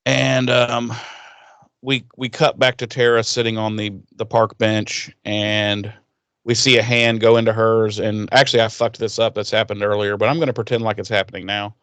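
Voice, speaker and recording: A man telling a TV episode back to his co-host, swearing freely and jumping into quick impressions of the characters. His voice is smooth and resonant, and it sounds close and dry, with no room around it. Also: fairly low pitch, no echo. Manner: animated, swears a lot, acts out characters' lines. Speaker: podcast co-host recapping an episode. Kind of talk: casual profane episode recap with quoted voices.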